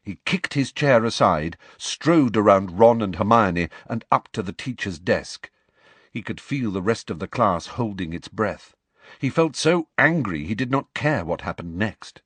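A man narrating a novel in an expressive, dramatic storytelling manner. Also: fairly low pitch, a little slow, breathy edge, no room sound. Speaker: audiobook narrator.

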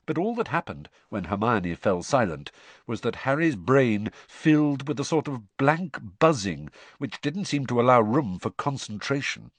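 Give me a male audiobook narrator with a lively, expressive delivery and a dry, close sound. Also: medium pitch, dry recording. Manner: expressive, varied storytelling delivery.

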